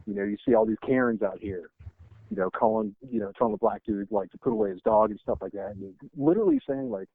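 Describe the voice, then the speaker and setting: A man's voice: lowish voice, expressive, fast talker, no echo. A man co-hosting a podcast, rambling and thinking aloud while seeking agreement, heard over a tinny phone-like line. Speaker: podcast co-host. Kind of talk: casual podcast conversation.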